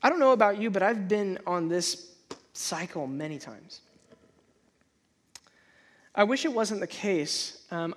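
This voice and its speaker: A pastor preaching a sermon, repeating and restarting words, and jumping high in pitch to act out inner voices.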